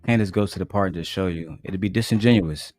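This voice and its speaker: A man's voice: deep voice, darkish tone, no echo, faint music behind. Man hosting a live reaction stream. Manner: wry, deliberate, addresses the viewers. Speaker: livestream host reacting to a clip.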